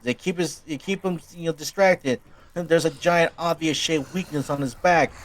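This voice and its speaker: A man's voice: on the high side, moderate pace, voice pushed up, natural voice. A man voicing a serious male soldier who barks orders in a silly fan story, raised above his own voice. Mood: commanding. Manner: commanding, urgent.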